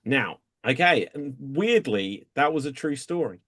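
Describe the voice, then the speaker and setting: Slow, unhurried male comedy host. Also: medium pitch. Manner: relaxed, announcing games and calling time. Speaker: improv show host. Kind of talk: hosting a comedy show.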